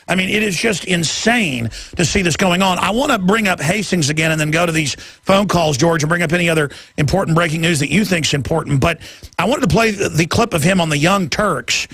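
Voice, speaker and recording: A man's voice: sits high, fairly quick, fairly bright tone, slightly rough, dry recording. A man hosting a talk radio show, delivering heated, emphatic commentary.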